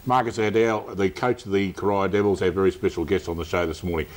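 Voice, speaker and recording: An Australian man hosting a local football TV panel show, brisk and chatty. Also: deep voice, fairly even intonation. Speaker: host.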